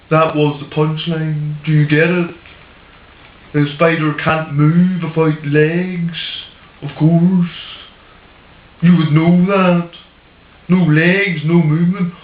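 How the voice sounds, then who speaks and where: Slow-talking joke teller, higher voice. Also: male voice, flat delivery, roomy sound, narrow, tinny audio. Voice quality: slow, drawn-out delivery. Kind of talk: slow, deliberate joke telling.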